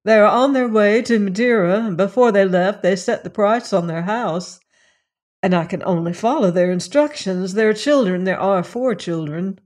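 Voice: medium pitch, normal speed, a little mellow, lightly acted. A reader doing a pompous, flowery estate agent. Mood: proud. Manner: grandiose, orotund phrasing. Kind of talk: audiobook character reading.

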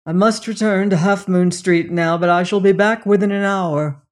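A man's voice: high-pitched, fairly even intonation, moderate pace, natural voice. A narrator voicing a weary, worried doctor and father who speaks firmly and wearily in an audiobook mystery. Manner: weary, firm, hushed. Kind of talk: audiobook reading of a mystery novel.

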